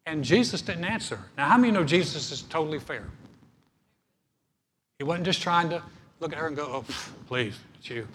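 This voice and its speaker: A male pastor preaching a sermon in a church hall, animated, acting out little scenes as he teaches. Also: a little high, brisk, long pauses. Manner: animated, acts out dialogue. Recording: echoey hall, faint noise.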